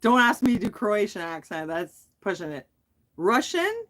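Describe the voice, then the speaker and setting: A woman's voice: mid-range voice, sing-song, normal speed, a bit bright. A middle-aged woman hosting a casual livestream, chatting in a giggly, self-deprecating way while replying to viewers. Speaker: livestream host.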